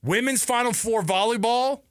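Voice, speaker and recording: A man's voice: very high-pitched, moderate pace, smooth, dry recording, clean studio sound. A man in his thirties, co-hosting a sports talk show, telling stories with lots of laughter. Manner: animated storyteller, laughs often. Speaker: sports radio co-host. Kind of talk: casual sports talk banter.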